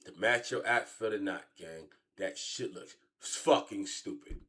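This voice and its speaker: Profane rambling man in his late thirties. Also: unhurried. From Chicago. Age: late 30s. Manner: profane, rambling, swings from low mutter to loud shouts. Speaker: streamer. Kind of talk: casual streamed storytelling rant.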